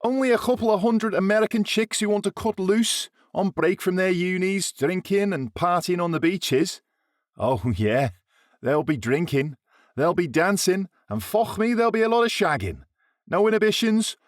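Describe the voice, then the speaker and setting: A man doing a loud crude young soldier. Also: high-pitched, animated, normal speed, no room sound, studio quality, pitched above the performer's own voice. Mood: leering. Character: brash leering young male soldier, crude and boastful.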